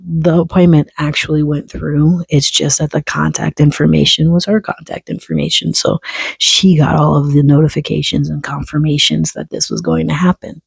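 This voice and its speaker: A man's voice: on the high side, fairly even intonation, normal speed, gravelly, slightly rough, no room sound. A man telling a personal story in a casual, candid and profane monologue, early in his time on testosterone. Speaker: vlogger.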